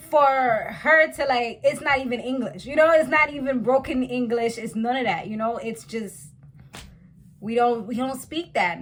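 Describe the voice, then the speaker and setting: A woman from the West Indies hosts a casual reality TV recap. Her voice sits a bit high, and she talks in a loose, slangy way, addressing her viewers directly. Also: expressive, measured pace, slight background noise.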